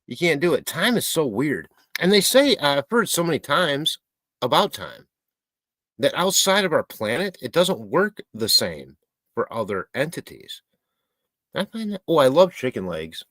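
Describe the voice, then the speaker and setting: A man chats loosely on a live stream, his pitch bouncing up and down as he jokes and rambles through viewer comments. The sound is dry and close, with no room echo. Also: very animated, moderate pace, fairly bright tone. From Michigan, USA. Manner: rambling, joking, talks to his pet. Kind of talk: casual live-stream chat reading comments.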